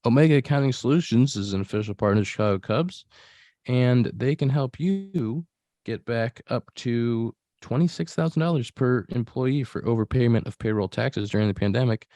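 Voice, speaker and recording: A man hosting a podcast, reading a sponsor ad slowly and deliberately. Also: mid-range voice, warm tone, no room sound. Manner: slow, deliberate ad delivery. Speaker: podcast host. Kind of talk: podcast chat and read ad.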